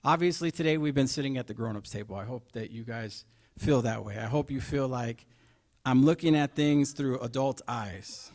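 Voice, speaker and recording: A middle-aged man delivers a sermon at a moderate pitch. He drops into soft asides and then pushes key words with force. He asks the listeners rhetorical questions throughout. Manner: emphatic, rhetorical questions, swings between soft asides and loud stresses. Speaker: preacher.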